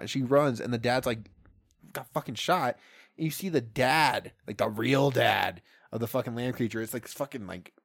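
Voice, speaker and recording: A young man in casual chat, retelling a film plot in an animated, profane way. He laughs often and acts out the characters' lines. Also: medium pitch, vocal fry, no echo, clean studio sound. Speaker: podcast co-host.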